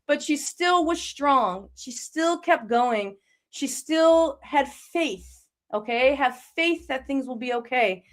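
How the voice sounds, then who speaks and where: A woman's voice: sits high, animated, slow pace. A woman hosting a live online psychic reading, talking to callers in a reassuring, encouraging way. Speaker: psychic medium host.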